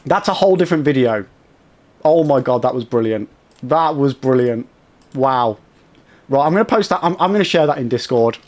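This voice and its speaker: A man's voice: mid-range voice, lively intonation, fairly quick, darkish tone. A man livestreaming a game, chatting with viewers and swearing at enemies. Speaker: game streamer. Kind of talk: live gameplay commentary chatting with viewers.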